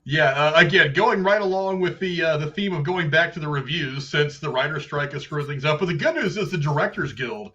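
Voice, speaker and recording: A man's voice: on the high side, lively intonation, fairly quick, hardly any pauses, pushed and bright. A man hosting a podcast, laid-back, chuckling often and leaning on fillers as he introduces and reads. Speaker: podcast host. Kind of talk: casual chat and read-out intro. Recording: dull lo-fi audio.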